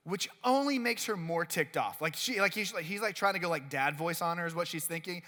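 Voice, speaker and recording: A man's voice: a little high, animated, brisk, bright, forceful tone. A man preaching a casual youth sermon in a worship center, telling a story in a chatty way that leans heavily on "like" and acts out the quotes. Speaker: youth pastor. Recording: long reverb of a worship hall.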